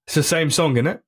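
A man, a comedian guest in a casual podcast chat, laid-back and quick to laugh. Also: high voice, pushed and bright.

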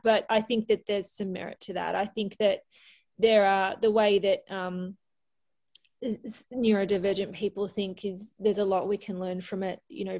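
A woman guest on a podcast, telling a personal story in a candid, lively way and often laughing. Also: medium pitch. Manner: candid, animated, laughs often, acts out quotes. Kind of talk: casual storytelling.

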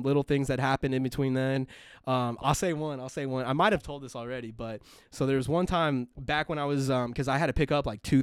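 A man's voice: medium pitch, clear, resonant tone, no echo, clean studio sound. Profane young man telling a rambling story. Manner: profane, rambling, full of fillers and restarts. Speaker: podcast co-host. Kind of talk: casual storytelling chat.

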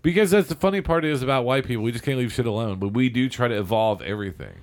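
A man's voice: mid-range voice, lively intonation, fast talker. A man who produces podcasts, telling rambling, profane anecdotes in casual banter.

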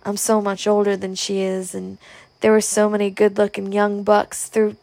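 A woman's voice: medium pitch, monotone, normal speed, creaky, a little mellow, no echo, close to an everyday voice. A woman reading aloud who voices a shy, sheepish older man, talking hesitantly and earnestly.

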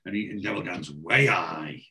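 A man's voice: deep voice, lively intonation, moderate pace, creaky, pushed and bright, poor audio. Chatty man recapping TV scenes. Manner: recaps scenes by quoting characters in a chatty storytelling way. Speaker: podcast host. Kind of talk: casual chat, retelling TV scenes.

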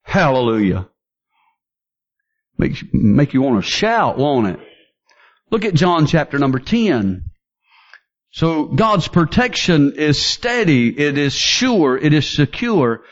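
A man preaching with fervent energy, his voice sitting high and moving through a wide, lively range. He builds toward near-shouts as he presses his points. The recording sounds dull and lo-fi. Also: slow pace, pauses often. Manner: fervent, rising to near-shouts when quoting scripture. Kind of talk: sermon.

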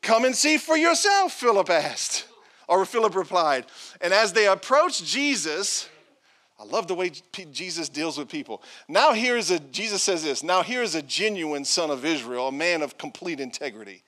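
A man's voice: fairly high pitch, lively intonation, normal speed, bright, forceful tone. A male pastor preaching a sermon, reading scripture aloud with playful asides and acted-out quotes.

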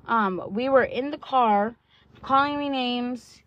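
A woman's voice: fairly high pitch, slow pace, no room sound. A woman in her twenties, telling a personal story in a candid, blunt way, swearing freely and filling her talk with "like" and "um". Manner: candid and blunt, swears often, many fillers like "like" and "um"; acts out quoted dialogue while retelling. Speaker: vlogger. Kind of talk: casual storytelling. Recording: dull lo-fi sound.

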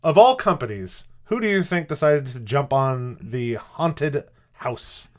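A man's voice: medium pitch, animated, unhurried. A man co-hosting a podcast in casual chat, rambling and hesitant with wry asides. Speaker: podcast co-host.

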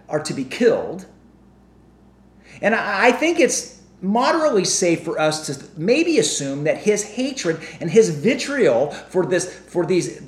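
Man, pastor, sermon, fairly high voice, animated delivery, echoey hall. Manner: animated, asks the congregation questions.

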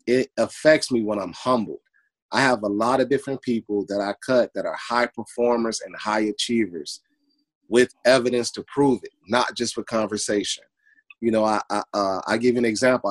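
A man's voice: mid-range voice, moderate pace, poor audio. A man who works as a barber, talking earnestly in an interview over a video call and repeating his points for emphasis. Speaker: barber guest. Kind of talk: casual conversational interview.

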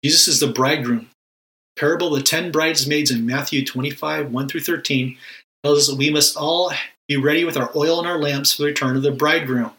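Bright-voiced man teaching with emphasis. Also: fairly high pitch, fairly even intonation, brisk, low-quality recording. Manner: emphatic, repeats words, asks rhetorical questions. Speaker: Christian teacher on prayer. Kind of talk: casual spoken teaching.

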